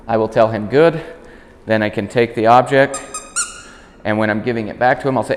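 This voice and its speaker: A man working as a dog trainer, explaining commands in a calm instructional demonstration. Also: fast, in a large hall, a little hiss or hum. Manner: calm explaining, high-pitched praise to the dog.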